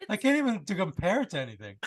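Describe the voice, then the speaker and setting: A man with a fairly high voice and an Atlantic Canadian accent, from Canada's East Coast. He co-hosts a casual podcast, wry and easygoing, laughing along with the others. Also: huge pitch swings, very fast, no room sound. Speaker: podcast co-host.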